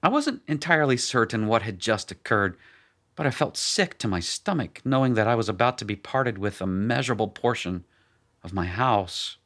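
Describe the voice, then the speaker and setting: A man narrating a first-person story in a measured, plain storytelling manner. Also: lowish voice, lively intonation, a bit bright.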